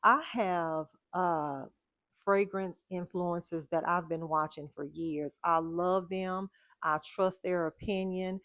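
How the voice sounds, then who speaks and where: Chatty woman, lowish voice. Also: steady tone, takes it slowly, a bit bright, dry recording. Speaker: fragrance vlogger. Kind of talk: casual chat.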